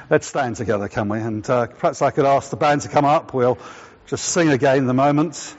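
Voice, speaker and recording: A man preaching, telling a chatty anecdote and then slowing down to press home his points. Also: mid-range voice. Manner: chatty storytelling, slowing to deliberate emphasis. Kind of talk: sermon with a personal anecdote. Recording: echoey hall, dull lo-fi sound.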